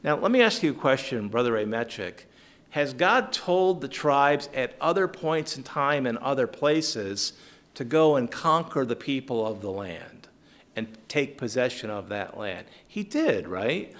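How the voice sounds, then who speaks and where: Animated man teaching Bible study. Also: mid-range voice, a little slow. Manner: animated, chuckling, addresses listeners by name.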